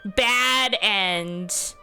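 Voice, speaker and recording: A woman hosting a let's play, reading a visual novel aloud with expressive, laugh-filled commentary. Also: mid-range voice, very slow, faint music behind.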